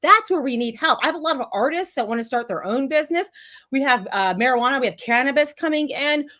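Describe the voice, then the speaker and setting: Animated, outspoken woman guest. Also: sits high, fast talker. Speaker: congressional candidate guest. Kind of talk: casual live chat interview.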